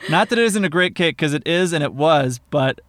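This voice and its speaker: A man's voice: on the high side, animated, fairly quick, over a noisy crowd. A man co-hosting a podcast in casual chat, chatty and self-deprecating, laughing often as he talks. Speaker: podcast co-host. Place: San Diego.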